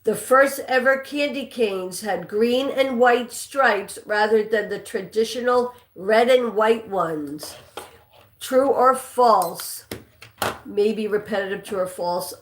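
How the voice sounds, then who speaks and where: Woman host, non-native English accent, slow and chatty, higher voice, echoey room. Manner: chatty, reads out viewer names and answers. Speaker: livestream trivia host. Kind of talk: casual live-stream chat reading trivia questions.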